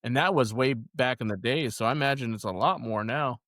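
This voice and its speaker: A man's voice: mid-range voice, a little fast, a bit bright, no echo, studio quality. A man co-hosting a podcast, trading crude, laughing banter in casual chat. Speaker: podcast co-host.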